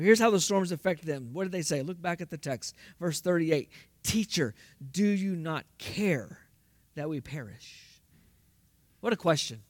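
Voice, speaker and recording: A man's voice: high voice, no room sound, studio quality. A man preaching a sermon, asking the congregation rhetorical questions and rising to emphatic bursts. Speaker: pastor.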